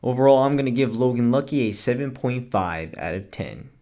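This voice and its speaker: A man's voice: medium pitch, lively intonation, brisk, warm tone. A man talking through a casual movie review in a chatty, rambling way, with fillers and self-corrections.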